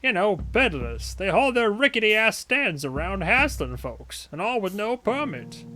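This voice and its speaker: Brief: a man doing a griping, stingy news seller, nasal whine pitched high. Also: sing-song, a little slow, bright, forceful tone, full character voice. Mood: grumbling. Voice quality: whiny, complaining. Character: grumpy male newspaper vendor, penny-pinching and bitter.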